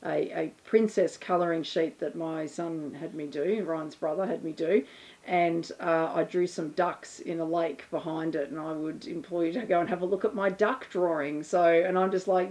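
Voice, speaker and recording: A woman hosts a podcast and chats casually with her stepson in an interview, being self-deprecating and laughing easily. Her voice is fairly low and darkish, steady in tone and at normal speed.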